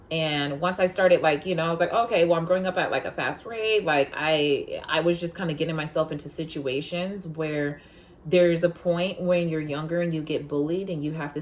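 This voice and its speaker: A woman's voice: low voice, slight background noise. A woman hosting a podcast, telling personal stories in a blunt, frank way, cursing freely and peppering her talk with "like.". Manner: heated and emphatic when retelling conflict; rambling with many filler "like"s. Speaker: podcast host. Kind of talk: casual confessional storytelling.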